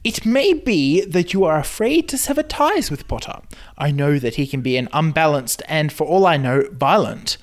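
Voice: medium pitch, expressive, moderate pace, lightly acted. A podcast host reading a letter aloud as a pompous young male wizard, in a stiff put-on British accent.

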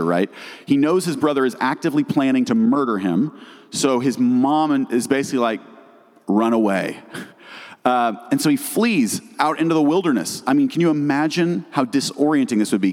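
A man's voice: mid-range voice, darkish tone. Man, middle-aged, missionary speaker; earnest storytelling testimony in a reverberant church hall. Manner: earnest storytelling, frequent restarts.

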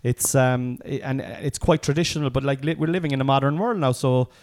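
A man's voice: mid-range voice, a little fast, darkish tone. An Irish man hosting a casual comedy podcast chat, talking in rambling, sweary asides. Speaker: podcast host.

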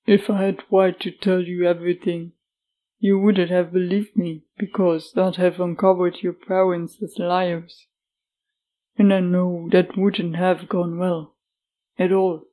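A calm, earnest man, voiced by a woman reading an audiobook, talks slowly and evenly with a mellow, dark tone. His speech is soothing and reasoning, with little rise and fall. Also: fairly low pitch, close to an everyday voice, poor audio. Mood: calm, pleading. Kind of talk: audiobook character voice.

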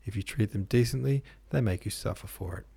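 A man reading the part of a hurt young woman pleading with the man she loves, in a soft, earnest voice. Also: fairly low pitch, brisk, vocal fry, husky. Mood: tearful.

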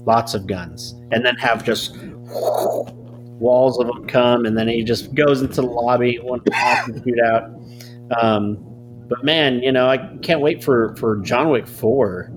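A man co-hosting a casual podcast, easygoing and quick to laugh. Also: medium pitch, steady tone, faint music behind, low-quality recording. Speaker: podcast co-host. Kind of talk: casual chat.

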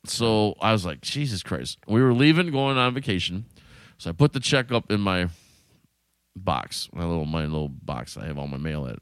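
A man spinning a casual anecdote, his pitch leaping around as he acts out each person's lines. He swears freely and talks loosely. The sound is dry and close. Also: moderate pace, smooth, no room sound. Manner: animated, profane, acts out quotes. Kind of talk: casual storytelling.

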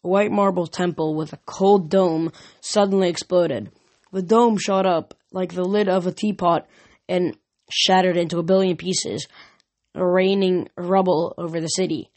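A reader narrating a novel chapter aloud in steady first-person storytelling. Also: mid-range voice, unhurried. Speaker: audiobook reader. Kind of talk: fan audiobook narration.

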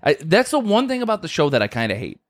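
A man co-hosting a casual podcast, trading quick jokes and banter. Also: fairly high pitch, huge pitch swings, no room sound, studio quality. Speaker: podcast co-host. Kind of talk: casual chat.

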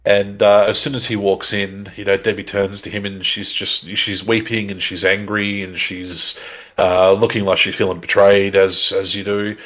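A man's voice: fairly low pitch, little pitch movement, moderate pace, fairly bright tone. A man co-hosting a podcast, casually retelling an episode with lots of fillers and restarts. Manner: rambling, filler-heavy storytelling. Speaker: podcast co-host. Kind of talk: casual recap chat.

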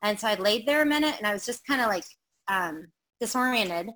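Bright-voiced middle-aged woman telling a ghost story. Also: medium pitch, lively intonation, fairly quick, poor audio. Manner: rambling, with many fillers and acted-out quotes. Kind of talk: casual storytelling.

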